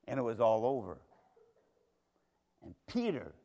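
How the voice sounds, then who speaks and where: A man's voice: mid-range voice, very animated, a little slow, vocal fry, pauses often, warm tone. A man preaching a sermon, telling a Bible story dramatically and speaking straight to its characters. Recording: long hall reverb.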